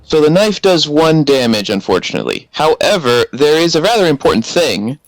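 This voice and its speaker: A man's voice: fairly high pitch, sing-song, fairly quick, no room sound, poor audio. A man playing a tabletop game, explaining his spell and its rules step by step. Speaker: player. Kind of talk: casual tabletop game play.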